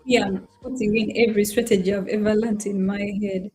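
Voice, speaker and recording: A woman's voice: mid-range voice, fairly even intonation, fairly quick, darkish tone, husky. A young woman hosting a live trading stream, chatting casually to viewers, emotional and apologetic as she talks to herself. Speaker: trading livestream host. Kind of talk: casual livestream chat to viewers. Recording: faint music behind.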